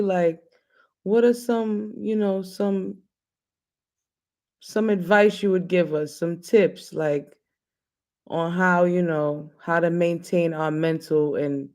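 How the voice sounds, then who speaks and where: A man's voice: sits high, darkish tone. A man hosting a casual chat show, talking in a loose, joking, slangy way. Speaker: host.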